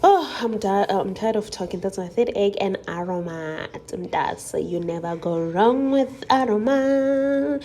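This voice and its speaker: A woman's voice: mid-range voice, unhurried, hardly any pauses, dark tone. A young South African woman hosting a cooking vlog, chatting playfully to viewers with rambling asides as she cooks. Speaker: cooking channel host. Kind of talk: casual cooking vlog narration.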